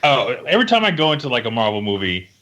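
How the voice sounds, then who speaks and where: Lively, bright-voiced man chatting. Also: medium pitch, fast. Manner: animated, laughing storyteller. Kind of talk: casual chat.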